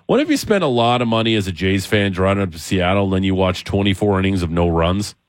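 A man's voice: sits low, expressive, fast, dry recording. A man, hosting a sports radio show, chatting in an easygoing, teasing way. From Calgary, Canada. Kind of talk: casual sports radio chat.

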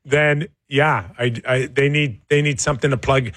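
A man's voice: mid-range voice, fairly even intonation, a bit bright, no room sound, clean studio sound. A man co-hosting a sports talk show, asking questions and thinking aloud with frequent restarts. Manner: halting, questioning, restarts often. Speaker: sports radio co-host.

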